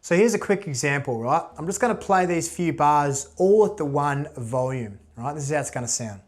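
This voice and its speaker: A man's voice: on the high side, normal speed. Male guitar teacher with a slightly raised voice, easygoing and chatty, keeps tagging his points with "right?". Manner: relaxed, repeats "right?" often. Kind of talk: casual video lesson.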